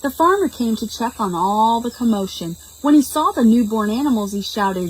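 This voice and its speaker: Storytime reader: woman, lively and unhurried, faint room hiss. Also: a little high, poor audio. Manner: animated, slow and expressive, explains words to children. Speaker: children's librarian reading a picture book. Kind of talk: storytime read-aloud for preschoolers. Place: public library.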